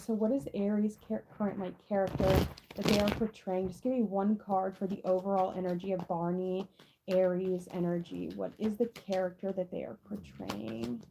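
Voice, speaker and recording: A woman's voice: medium pitch, gravelly, noisy background. A young woman giving a casual tarot reading to camera, rambling with lots of "like" and restarts. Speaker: tarot reader.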